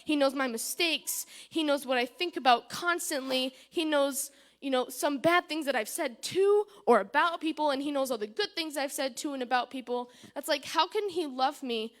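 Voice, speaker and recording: This woman's voice is high and her speed normal. She gives a candid, chatty personal testimony at church, recounting what happened with frequent "I was like" phrases and nervous fillers.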